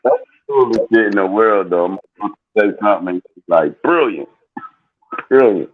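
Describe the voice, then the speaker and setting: A man chatting in a slow, laid-back, joking way. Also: lowish voice, no room sound, narrow, tinny audio. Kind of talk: casual chat.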